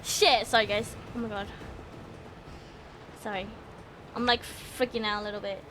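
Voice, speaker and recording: A woman streaming a horror game live, excitable, yelping, swearing and laughing as she plays. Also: mid-range voice, moderate pace, noisy background. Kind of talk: live gaming stream commentary.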